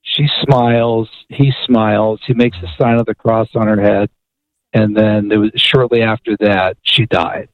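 A man's voice: lowish voice, unhurried, phone-quality sound. Man telling a story on a radio call. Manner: animated storyteller, acts out quotes, frequent repeats. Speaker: guest author.

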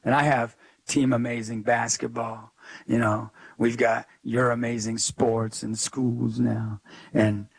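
Gravelly, husky man telling stories. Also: mid-range voice, slow. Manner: energetic, emphatic, quotes people in lively voices. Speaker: guest, youth speaker. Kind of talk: animated storytelling interview.

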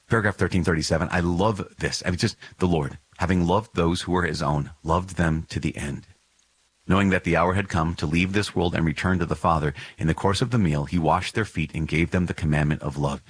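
A man with a deep, slightly husky voice talks on his podcast in an earnest, emphatic way. He repeats phrases and restarts sentences as he works through a reading. The close-miked recording sounds dry, with no room echo. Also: fairly bright tone. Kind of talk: reflective catechism commentary.

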